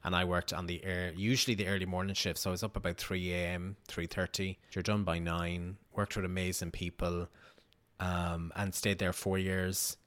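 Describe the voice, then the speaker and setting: A lower-pitched Irish man in his thirties, talking freely as an interview guest. He tells his story in a loose, chatty way, peppered with fillers and self-corrections. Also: flat delivery, normal speed, fairly bright tone. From Ireland. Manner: chatty storyteller, many "like"s and restarts. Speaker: TV news reporter, guest. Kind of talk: casual interview chat.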